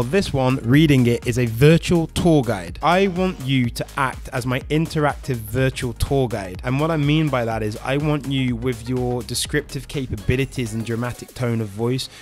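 A man's voice: medium pitch, darkish tone. Casual man hosting a tech demo. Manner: rambling, talks to the assistant in quick bursts. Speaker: tech video host.

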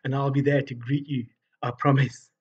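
A man's voice: mid-range voice, flat delivery, moderate pace, husky, lo-fi sound. A man voicing a brave little cockerel in a told story, earnest and pleading. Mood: eager.

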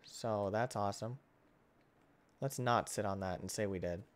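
A man hosting his gaming channel, giving casual let's-play commentary, excitable and swinging between loud outbursts and hushed muttering. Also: fairly low pitch, normal speed.

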